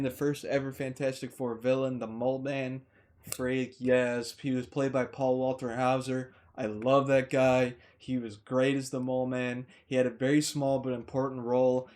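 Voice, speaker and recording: An enthusiastic man talks through a film in a loose, unscripted way, tripping over his words and circling back as his excitement builds. His voice sits at an ordinary middle pitch, and he sounds like a casual vlogger chatting from a room at home. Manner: excitable, gushing, rambles with restarts and mild swearing substitutes. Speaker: movie reviewer. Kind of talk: casual rambling review. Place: indoors, warm room.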